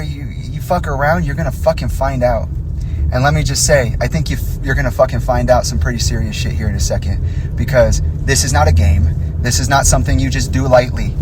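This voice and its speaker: A man's voice: on the high side, background noise. Young man ranting angrily outdoors. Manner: confrontational, profane, accusing. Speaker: vlogger. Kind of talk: angry direct-to-camera rant.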